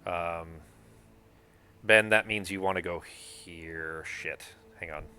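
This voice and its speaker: A man's voice: deep voice, fairly even intonation, slow, bright, forceful tone, smooth, soft background music. A man acting as game master for a tabletop board game, thinking aloud, counting moves and swearing casually.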